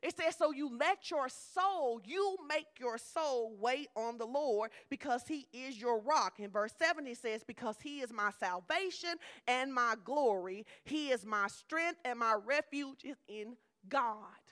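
A middle-aged woman preacher giving a lively, conversational sermon with humor. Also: on the high side, unhurried, hardly any pauses.

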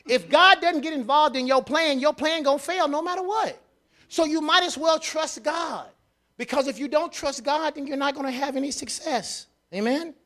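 A high-voiced man preaches a sermon. He repeats his phrases and swings between hushed asides and loud, emphatic declarations. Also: moderate pace. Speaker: pastor.

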